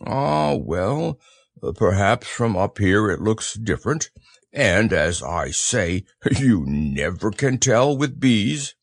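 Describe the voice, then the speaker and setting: A gentle, slow-witted teddy bear, as a male reader puts him on, musing in a slow, ponderous way. His low voice has a gravelly edge and drifts slowly through its words. It sounds like a storybook read aloud. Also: sing-song, no echo, studio quality, exaggerated voice. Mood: anxious. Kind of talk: storybook character voice.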